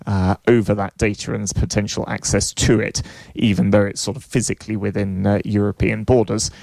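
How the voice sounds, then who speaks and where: A man with a low, gravelly voice co-hosts a casual tech news chat. He talks in a halting, wry way, working through his thoughts aloud. The sound is dry and close. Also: darkish tone, dry recording. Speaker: podcast co-host.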